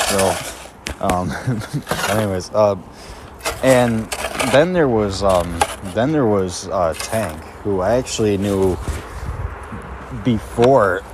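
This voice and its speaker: A man with a lowish voice tells personal stories in a heated, swearing, rambling way, full of ums and restarts. A steady hiss and clicking sit clearly under his voice throughout the recording. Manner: profane, heated, rambling with many fillers. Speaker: podcast host. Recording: steady audible noise with clicks.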